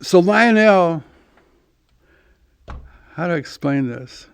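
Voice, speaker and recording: A man's voice: high-pitched, animated, extremely slow, vocal fry, smooth, dry recording. A man telling a long story in casual chat, rambling and restarting as he acts out both sides of a conversation.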